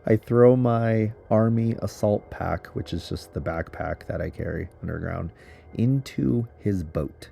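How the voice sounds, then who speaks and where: A man's voice: low voice, measured pace, creaky, warm tone, faint music behind. A man casually narrating an adventure story in a chatty, giggly way, full of fillers. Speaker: underground explorer.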